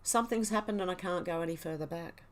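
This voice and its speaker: A woman's voice: fairly low pitch, fast talker. Chatty woman hosting a livestream. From Australia. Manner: chatty, exclaiming, laughs often. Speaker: livestream host. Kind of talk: casual livestream chat, reading news and comments.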